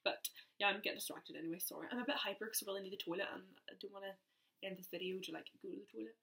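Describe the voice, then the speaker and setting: A woman's voice: medium pitch, fairly even intonation, very fast, pushed and bright, slight background noise. A young woman telling a personal story in a rambling, chatty way, often interrupting herself. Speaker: vlogger.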